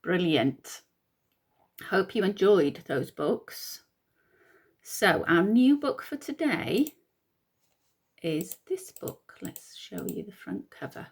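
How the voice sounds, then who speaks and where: Slow, patient woman teacher. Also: lowish voice, very animated, husky. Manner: slow, patient, sounding out words. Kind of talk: reading a picture book aloud to young children.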